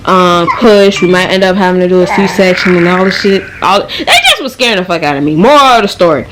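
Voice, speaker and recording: A young woman vlogger telling a casual, profanity-laced story in slang, animated and fast-moving. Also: on the low side, heavy background noise.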